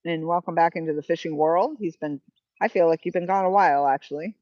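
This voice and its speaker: A woman's voice: lowish voice, fast talker, no echo. Woman host, casual rambling live-stream chat, dry muffled headset sound. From New Hampshire, New England. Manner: rambling, chatty, reads viewer comments aloud. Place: outdoors by the water. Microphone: Bluetooth headset.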